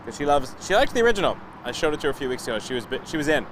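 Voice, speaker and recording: Talking very fast and very animatedly in a fairly high voice, a thirtysomething livestream host spots planes outside a busy airport while telling stories about his family. Traffic and general outdoor sound fill the noisy stream audio.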